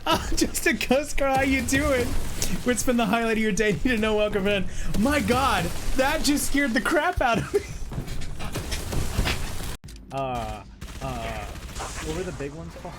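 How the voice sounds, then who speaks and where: A man's voice: high-pitched, a little slow, pauses often, background noise. A man streaming a video game, chatting casually, swearing and laughing often. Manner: excitable, swears and laughs a lot. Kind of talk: casual gameplay stream chat.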